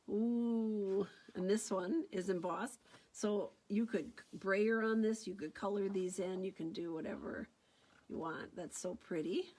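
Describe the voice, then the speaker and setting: A woman stamping demonstrator walks through her new papers, ribbons and dies in a relaxed, unhurried show-and-tell. She gushes and repeats her praise, chatting casually as she goes. A faint background hiss runs under her voice. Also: mid-range voice.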